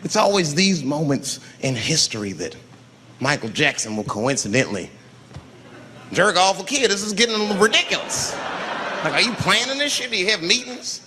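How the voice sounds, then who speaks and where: A man doing profane, animated stand-up, slipping into voices for his stories, on stage before a live audience. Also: sits high, normal speed, a little hiss or hum. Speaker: comedian. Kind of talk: stand-up comedy. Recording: live hall with loud laughing crowd.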